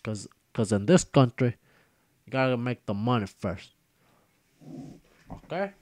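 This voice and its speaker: A swaggering, boastful gangster boss put on by a man in a gaming video, drawling and tacking "man" or "okay" onto each phrase. The voice sits at an ordinary middle pitch for a man. It comes across as a cocky tough-guy impression. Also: expressive, unhurried, a little mellow, a little hiss or hum, natural voice.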